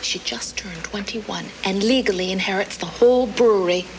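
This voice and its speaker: A woman plays a polite office receptionist who keeps company matters to herself. She speaks formally over loud film music. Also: mid-range voice, normal speed, gravelly, close to an everyday voice, rough recording.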